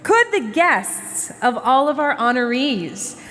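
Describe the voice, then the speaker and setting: A woman's voice: sits high, very animated, slow pace, a bit bright. Upbeat woman emceeing in a big hall. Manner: upbeat, chatty and playful with the crowd. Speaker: awards ceremony emcee. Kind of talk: hosting a live awards event. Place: large banquet hall before a live audience. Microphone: handheld stage microphone. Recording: long hall reverb through a PA.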